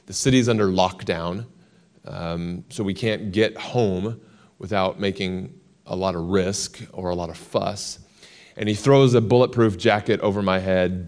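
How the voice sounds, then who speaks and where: An American man, a guest in an interview, telling a long story with lively quoted lines. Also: low-pitched. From United States.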